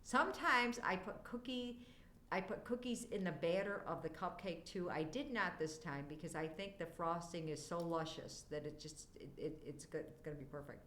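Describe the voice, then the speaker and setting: A woman's voice: on the low side, moderate pace, echoey room, a little hiss or hum. An older woman chatting casually with viewers on a live stream, affectionate and prone to wandering off on tangents. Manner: warm, affectionate to chat viewers. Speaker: livestreamer.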